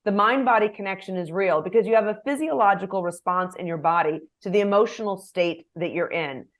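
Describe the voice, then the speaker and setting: A middle-aged woman executive coach answering interview questions in a lively way, acting out example phrases. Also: mid-range voice, brisk. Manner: animated, gives examples with acted phrases.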